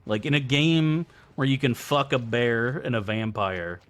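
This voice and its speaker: Here a young man plays a game on stream, trading casual, foul-mouthed banter with chat and reading it aloud as he goes. His voice sits in the middle range and moves a little slowly.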